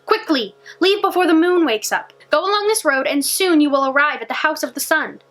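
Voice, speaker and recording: A woman voicing a protective little old housekeeper woman who scolds and fusses in a high voice. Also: a little fast, fairly bright tone. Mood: urgent whisper.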